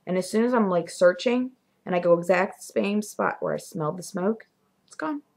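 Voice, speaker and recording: A young woman casually telling her own ghost stories to the camera in a vlog, animated, dropping to whispers at the spooky moments. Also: fairly low pitch, moderate pace. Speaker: vlogger. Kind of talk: casual storytelling.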